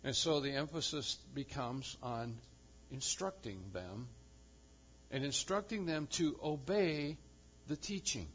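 Slow, emphatic preaching man. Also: medium pitch, lively intonation, highs cut off, a little hiss or hum. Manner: emphatic, swings from loud proclamation to quiet intensity. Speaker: pastor. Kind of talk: sermon.

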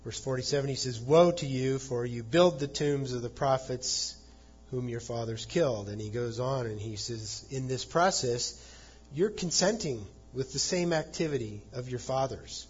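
Male pastor, husky tone, chatty sermon delivery, slightly dull lo-fi recording. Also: mid-range voice, a little mellow. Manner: explains scripture conversationally, acting out quoted lines with chuckles.

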